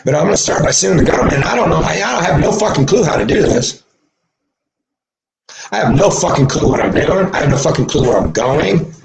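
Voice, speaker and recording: A man delivering an emotional monologue, agitated and swearing, swinging from low mutters to shouting. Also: expressive, brisk, gravelly. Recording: echoey room.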